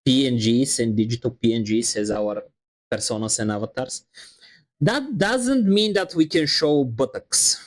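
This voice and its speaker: A man streaming and chatting casually, teasing his friends in a halting way. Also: medium pitch, expressive. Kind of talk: casual chat on a live stream.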